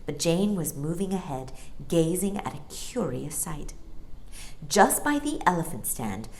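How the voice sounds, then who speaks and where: Expressive low-voiced woman storyteller. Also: unhurried. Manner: expressive, lilting. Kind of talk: storybook reading aloud.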